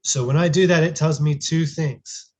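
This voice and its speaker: A man's voice: a little high, fairly even intonation, normal speed, a little mellow. A man in his thirties, a podcast guest, telling a family story in an earnest, reflective way with frequent restarts. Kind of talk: casual conversational storytelling.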